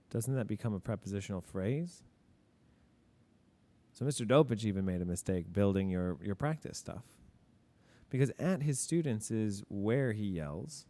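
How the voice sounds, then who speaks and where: In a lowish, warm voice, a man teaches grammar in an informal way. He walks through examples by asking questions and answering them on his own, never hiding the errors he makes.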